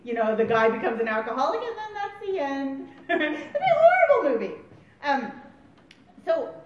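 Animated woman preaching in a roomy hall. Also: high voice, a little hiss or hum. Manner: animated, laughing, acting out quotes. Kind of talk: sermon. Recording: roomy, distant, dull recording.

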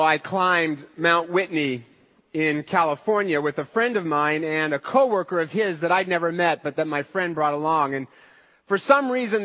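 A higher-voiced man delivering a sermon in an earnest, conversational storytelling manner. His voice carries a long reverb, as in a large hall. The recording sounds somewhat muffled. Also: fairly bright tone. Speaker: pastor.

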